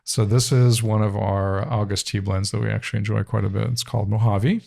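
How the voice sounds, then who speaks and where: A man's voice: lowish voice, steady tone, brisk, creaky, warm tone. An American man co-hosting a podcast, chatting casually and teasing his co-host. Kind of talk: casual chat.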